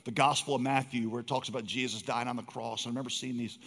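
A man's voice: mid-range voice, steady tone, fast talker, a bit bright. A man preaching a sermon, telling a story earnestly and building to emphatic urgency. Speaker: pastor. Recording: long hall reverb.

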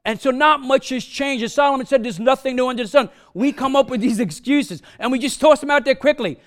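Male pastor, high voice, accented English, punchy sermon delivery with call-outs to the room. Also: brisk. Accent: non-native English accent. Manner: punchy, repeats questions to the congregation, frequent "huh?". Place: church sanctuary.

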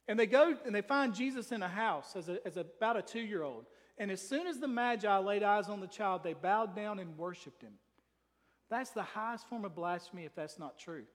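A man preaching an emphatic sermon in a church, reading scripture aloud as pastor. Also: sits high. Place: church sanctuary. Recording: long reverb from a large hall.

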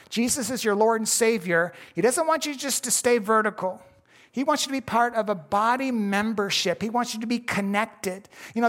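A man's voice: sits high, fairly bright tone. A man preaching a sermon as pastor, in a folksy, conversational way, often restarting his sentences.

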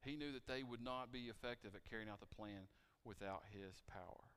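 A man preaching a sermon in a church, asking the congregation questions and moving between loud emphasis and quiet appeals. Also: mid-range voice, a little fast, clear, resonant tone. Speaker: pastor. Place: church sanctuary. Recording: reverberant church hall, mic cutting out.

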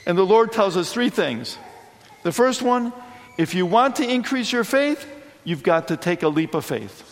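A man's voice: high-pitched, normal speed. Man preaching animatedly in an echoey church. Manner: animated, chatty preaching with frequent asides. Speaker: priest. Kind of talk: sermon.

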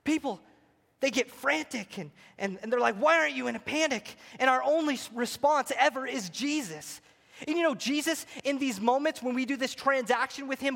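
In a large, reverberant hall, a male pastor delivers a sermon in a high, bright, forceful, gravelly voice that rings out. He's expressive at a normal speed, moving between fervent, near-shouted lines and quiet, hushed moments of reflection.

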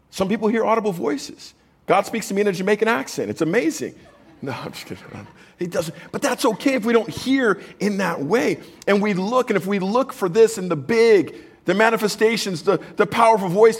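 A man's voice: high-pitched, slightly rough. A man preaching a sermon as pastor, conversational and jokey, reading scripture aloud to the congregation.

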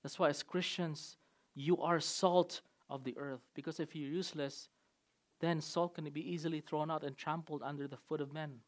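High-voiced man preaching a sermon. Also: steady tone, moderate pace. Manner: emphatic preaching with sudden swings in loudness. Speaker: pastor.

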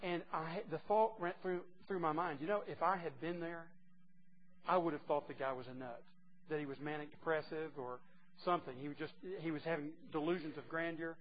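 A man preaching a sermon, emphatic and teasing, swinging from quiet asides to loud declarations. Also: a little high, fairly even intonation, a little fast. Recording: dull lo-fi recording with faint noise.

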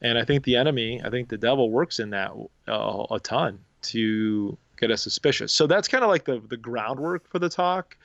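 A man co-hosting a casual faith podcast, talking in a relaxed, reflective, rambling way. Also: mid-range voice, moderate pace, vocal fry, few pauses, no echo, highs cut off. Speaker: podcast co-host.

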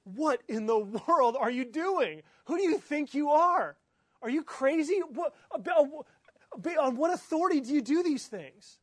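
A man putting on a band of indignant male religious leaders, their voices jumping high and loud with a strained, different edge as they fire challenging questions. Dry, close sound. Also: lively intonation, unhurried, no echo, exaggerated voice.

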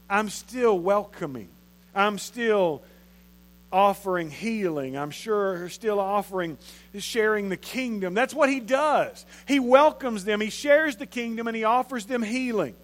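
A man's voice: high-pitched, a little slow, fairly bright tone. A man, preaching a sermon in a conversational way and repeating phrases for emphasis. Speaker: pastor.

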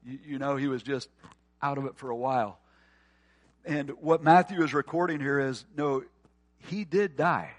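A man preaching a sermon, earnest and often quiet and tender, then rising to forceful emphasis. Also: medium pitch, moderate pace, long pauses, no room sound. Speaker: pastor.

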